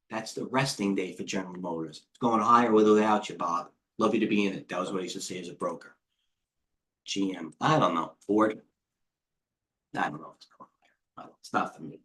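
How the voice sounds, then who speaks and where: A middle-aged man coaching traders, talking in a quick, scattered way and thinking out loud with lots of asides. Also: mid-range voice. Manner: rapid, scattered thinking aloud with many asides. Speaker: trading coach and host. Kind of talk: live market commentary.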